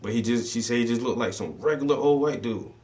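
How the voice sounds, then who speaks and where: A man's voice: mid-range voice, quick pace, a little mellow, distant mic. A man hosting a casual chat, telling stories loosely with lots of swearing and slang. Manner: loose, swearing storyteller voicing people in his stories. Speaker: host.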